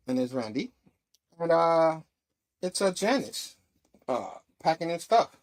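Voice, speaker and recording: A man's voice: on the high side, very animated, unhurried, long pauses, poor audio. A man hosting a casual comic book review over a video call, rambling through the story scene by scene. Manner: rambling, retells scenes with "and he's like". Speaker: show host.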